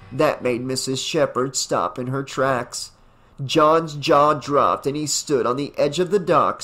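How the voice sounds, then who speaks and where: A man narrating a fan novelization as an audiobook in a dramatic, deliberate reading. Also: fairly high pitch, a bit bright. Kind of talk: scripted narration.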